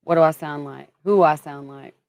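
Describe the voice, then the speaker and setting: A woman's voice: sits low, fairly even intonation, normal speed, a little mellow, dry recording. A woman from Kentucky hosting a casual livestream, chatting and greeting viewers by name as she talks. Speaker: livestream host.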